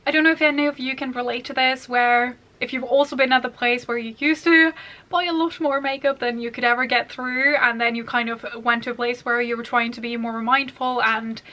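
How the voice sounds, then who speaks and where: A woman's voice: a little high, steady tone, fairly quick, pushed and bright. A woman beauty vlogger talking casually and at length about her makeup, with many fillers. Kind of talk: chatty makeup collection vlog.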